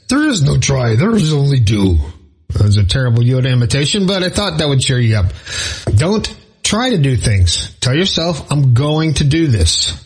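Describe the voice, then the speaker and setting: A man's voice: medium pitch, breathy edge, poor audio. A man talking straight to his viewers in a casual motivational monologue, earnest and encouraging, repeating points for emphasis and joking with himself now and then. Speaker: motivational vlogger.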